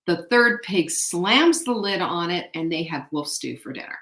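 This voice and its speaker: A woman hosting a show, retelling an old folk tale in an animated, chatty way and often asking the audience to guess what happens next. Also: on the low side, a little slow. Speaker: show host. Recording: echoey room.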